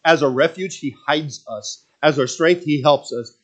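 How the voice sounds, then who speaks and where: A man's voice: a little high, normal speed, a bit bright. A man preaching a sermon to a congregation, leading them in reading scripture aloud, with earnest fervent passages and self-deprecating asides. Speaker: pastor.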